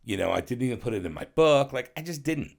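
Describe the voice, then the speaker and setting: A middle-aged man with a gravelly, creaky voice, telling long, loose stories as a podcast guest. He swears casually and slips into other people's voices as he goes, at an ordinary pitch for a man. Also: animated, fast. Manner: profane, rambling storyteller who acts out others' voices. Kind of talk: casual storytelling interview.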